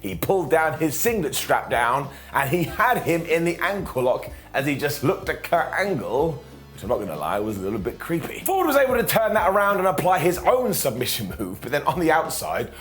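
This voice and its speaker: A man's voice: on the high side, big pitch swings, fairly quick, fairly bright tone, faint music behind. A man reviewing a wrestling show in a joking, sarcastic way, often quoting people in mock voices. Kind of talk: animated wrestling recap.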